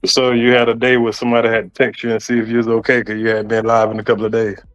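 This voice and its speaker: A man's voice: mid-range voice, monotone, racing. A man who is an online content creator, arguing in a heated casual way, mocking and sarcastic and often repeating himself. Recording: dull lo-fi audio with faint music.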